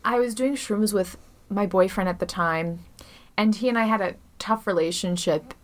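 A woman co-hosting a podcast tells a story in casual chat, with lots of "like" and frequent laughter. Her voice is mid-range and her pace moderate.

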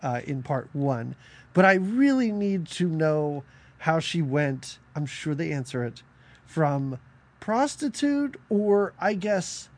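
With a high, slightly mellow voice, a man co-hosts a podcast and talks loosely about a film. He laughs a lot and hops from topic to topic in this casual review chat.

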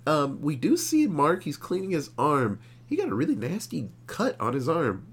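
Animated, profane man recapping a movie. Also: fairly high pitch, moderate pace, few pauses, slightly rough. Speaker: podcast co-host. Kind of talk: casual movie review chat.

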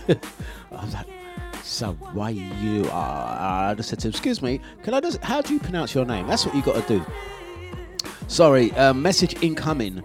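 A man hosting a breakfast radio show, chatting, laughing often and giving shout-outs to listeners. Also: mid-range voice, huge pitch swings, normal speed. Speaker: radio DJ host. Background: music playing.

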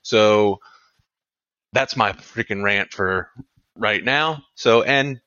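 A man in his thirties hosts a podcast and rants in fury, swearing in nearly every breath. His low voice pushes hard and sounds forceful. The recording is dry and a little dull, like a cheap home setup. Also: extremely slow, clear, resonant tone, no room sound. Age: 30s. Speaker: podcast host. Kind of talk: angry profane rant.

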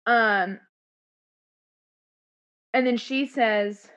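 Casual female co-host, mid pitch, expressive retelling, muffled recording. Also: unhurried. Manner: animated, acts out lines while recounting. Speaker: podcast co-host discussing a musical. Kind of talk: casual chat, quoting lyrics.

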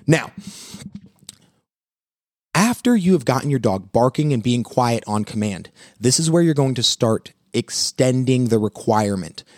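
A man hosting a live pet advice talk, walking viewers through dog training steps in an energetic, coaching way. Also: mid-range voice, dry recording, studio quality.

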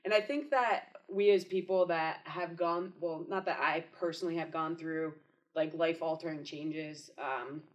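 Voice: mid-range voice, steady tone, a little slow, dull audio. A podcast host who asks long, hesitant questions filled with "um" and "you know". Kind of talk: casual podcast interview.

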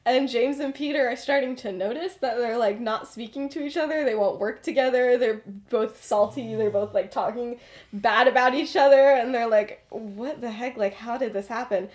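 A woman's voice: on the high side, normal speed, darkish tone. Chatty young woman recapping a story. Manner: chatty, lots of fillers and laughs. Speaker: podcast host.

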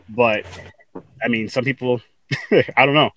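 A man's voice: medium pitch, steady tone, a little slow, long pauses, bright, forceful tone, no echo. A man hosting a podcast, chatting casually with guests, laughing often and repeating words as he talks. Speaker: podcast host. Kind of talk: casual interview chat.

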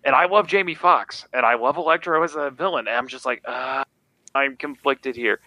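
Male podcast co-host, bright, excitable, stammers, dry close sound. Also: mid-range voice, moderate pace, no echo, low-quality recording. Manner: animated, stammering restarts. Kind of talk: casual film chat.

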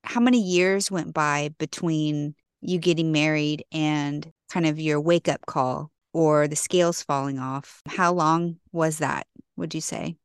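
A woman co-host asking questions and offering calm, supportive comments. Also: sits low, unhurried, hardly any pauses, smooth, no room sound, clean studio sound. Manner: calm, supportive, frequent affirming murmurs. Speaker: podcast co-host.

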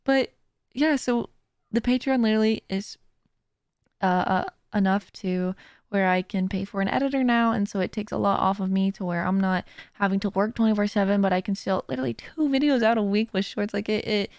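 On her own podcast, a young adult host and streamer chats loosely into a close mic, full of fillers and giggles as she rambles. Her medium-pitched voice is a little fast, darkish and smooth, in a dry recording.

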